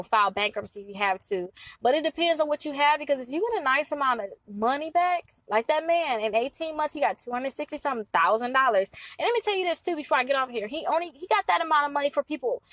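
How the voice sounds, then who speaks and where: Chatty woman from Milwaukee, credit advisor talking to camera, higher pitch, dry close sound. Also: fairly bright tone, dry recording, poor audio. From Milwaukee, Wisconsin. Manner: chatty, laughs often, acts out clients' voices. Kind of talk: casual to-camera advice talk.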